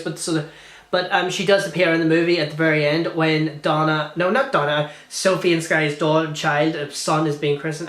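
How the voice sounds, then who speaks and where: Man in a film review vlog: gushing, rambling, a bit high-pitched, roomy echoey recording. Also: fairly bright tone. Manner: gushing, rambling with many restarts and fillers.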